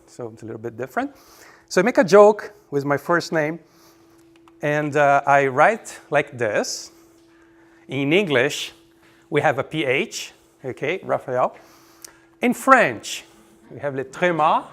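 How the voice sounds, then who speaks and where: A man from Brazil, giving a relaxed, joking conference presentation. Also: a little high, normal speed. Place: conference room.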